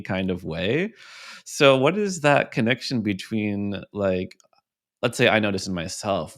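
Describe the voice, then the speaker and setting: A man hosting a podcast interview, asking relaxed, curious questions and murmuring agreement. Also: on the low side, measured pace. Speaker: podcast host.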